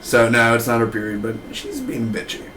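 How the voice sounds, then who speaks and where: A man's voice: medium pitch, wildly swooping pitch, normal speed, pushed and bright, a little hiss or hum, poor audio. A man in his twenties giving a casual, rambling TV episode review, full of slang like "man" and "dude". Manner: slangy, loose, keeps saying man and dude. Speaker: TV show reviewer.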